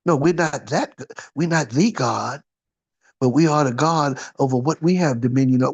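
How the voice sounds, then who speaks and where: Gravelly preacher guy, chatty sermon, keeps asking huh?. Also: mid-range voice, normal speed, highs cut off. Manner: conversational, asks "huh?" often, rhetorical questions. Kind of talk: informal sermon.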